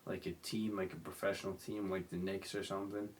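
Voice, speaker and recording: A young man rambles through a solo podcast, drunk and sleepy, slurring his words and apologizing as he goes. His voice sits low and level, his pace brisk, with slight background noise.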